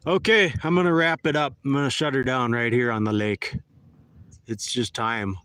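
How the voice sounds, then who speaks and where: A man's voice: medium pitch, fairly even intonation, normal speed, a bit bright, clean tone, no room sound. A man hosting a casual livestream from a kayak on a lake, rambling and friendly, with lots of restarts. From eastern North Dakota. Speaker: livestream host. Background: birds and faint outdoor noise.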